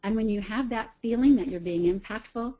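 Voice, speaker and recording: A middle-aged woman, giving a lively webinar talk as a speaking coach. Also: mid-range voice, fairly quick, poor audio. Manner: lively, animated delivery that varies volume and pace. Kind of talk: webinar presentation.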